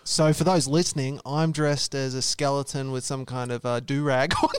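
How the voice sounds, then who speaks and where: A man's voice: medium pitch, steady tone, normal speed, clear, resonant tone. A young Australian man co-hosting a podcast, swearing and teasing in casual chat. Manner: laughing, swearing, teasing banter. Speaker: podcast co-host.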